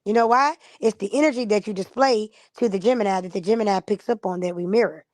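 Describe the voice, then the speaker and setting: A woman's voice: medium pitch, fast, a little mellow, no room sound. A woman streamer in a casual live-stream monologue, blunt and profane, acting out the people she quotes.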